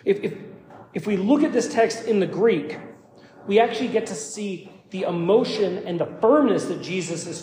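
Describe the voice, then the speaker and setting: Pastor, male, high voice, emphatic sermon delivery, booming hall reverb. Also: darkish tone. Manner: emphatic, repeats words when starting phrases. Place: church sanctuary. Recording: echoey church hall.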